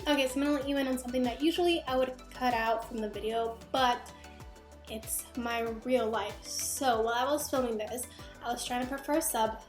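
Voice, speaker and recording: A woman teacher narrating her vlog in a quick, confiding, casual way. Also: a little high, roomy sound, soft background music. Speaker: vlogger, teacher.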